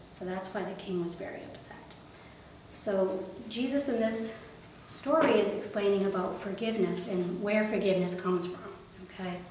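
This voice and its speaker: A woman's voice: mid-range voice, a little hiss or hum. Woman retelling a parable to children. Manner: gentle, conversational, asks the children questions. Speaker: children's liturgy leader. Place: church or parish hall. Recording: very echoey room, mic far off.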